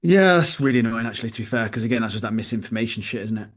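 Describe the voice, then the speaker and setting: A man's voice: medium pitch, rapid-fire. Blunt swearing British man, podcast co-host. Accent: British English. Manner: blunt, swears freely, animated storytelling. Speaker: podcast co-host, fitness coach. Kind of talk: casual podcast chat.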